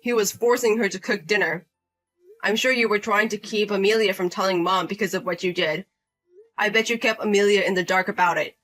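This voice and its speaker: A woman's voice: mid-range voice, steady tone, a little fast, fairly bright tone, soft background music, natural voice. Woman voicing a stern protective husband. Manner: firm, accusing. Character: protective angry younger-brother husband.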